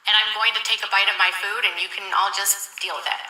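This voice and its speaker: A woman's voice: medium pitch, fairly even intonation, quick pace, sharp tone. A woman ranting at her livestream chat, combative, profane and dismissive. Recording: echoey room, far from the mic.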